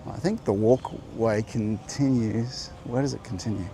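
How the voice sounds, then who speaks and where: A man's voice: fairly low pitch, unhurried, warm tone, a little hiss or hum. A man talking to camera while walking a coastal path outdoors, musing and rambling, often breaking off mid-thought. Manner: rambling, musing, self-interrupting. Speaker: host. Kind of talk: walking vlog monologue. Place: outdoor coastal walk by a beach. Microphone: clip-on mic.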